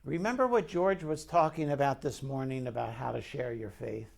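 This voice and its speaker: A man's voice: medium pitch, normal speed, gravelly. A man preaching a conversational sermon as pastor, telling the story and putting questions to the congregation.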